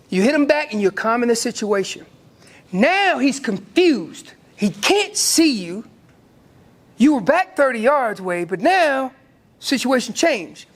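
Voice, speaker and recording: A man with an American accent teaching an elk calling seminar, lively and acting out what the elk would say. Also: very high voice, a little slow. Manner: animated, acts out elk calls and voices. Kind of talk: hunting seminar talk.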